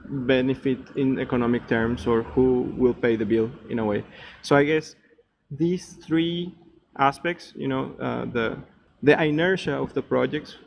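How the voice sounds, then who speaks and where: Gravelly-voiced male academic interviewer. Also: mid-range voice, a little hiss or hum, poor audio. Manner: hesitant, thoughtful, filler-heavy phrasing. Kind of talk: academic interview, summarizing points.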